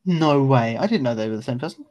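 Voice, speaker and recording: A man's voice: mid-range voice, animated, quick pace, darkish tone, lo-fi sound. Rambling man chatting casually. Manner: rambling, enthusiastic, slangy. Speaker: podcast co-host. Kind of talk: casual chat.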